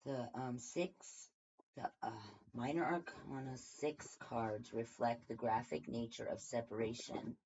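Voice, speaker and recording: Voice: medium pitch, fairly even intonation, unhurried, a little mellow, slight background noise. A tarot reader giving a casual daily reading from home, rambling and thinking aloud with many fillers. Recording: dull lo-fi recording.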